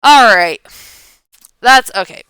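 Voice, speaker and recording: Millennial woman, 30s, tired, rambling vlogger; crisp, clean, close sound. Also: a little high, animated, slow pace, bright, forceful tone, dry recording. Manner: rambling, chatty, trailing off. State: yawning, tired. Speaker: meme creator. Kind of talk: casual Q&A vlog.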